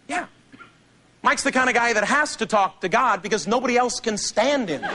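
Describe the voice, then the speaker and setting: A man performing a stand-up monologue on a theater stage, telling stories in an animated, sardonic way. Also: sits high, slight background noise. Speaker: comedian. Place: theater stage before a large audience.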